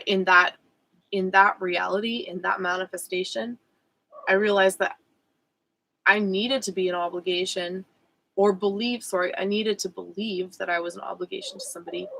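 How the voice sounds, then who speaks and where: A woman's voice: mid-range voice, vocal fry, sharp tone, rough recording. A woman speaking as a spiritual coach in a personal vlog, candid and reflective, with frequent fillers and self-corrections. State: emotional.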